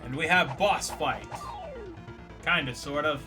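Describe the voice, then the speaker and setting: A man's voice: fairly high pitch, takes it slowly, long pauses, pushed and bright, faint music behind. A man casually commentating a game on a live stream, joking and teasing a viewer.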